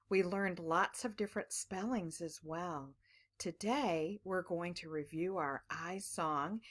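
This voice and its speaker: A woman teacher leading a children's phonics lesson in a slow, encouraging, sing-song voice. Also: fairly low pitch.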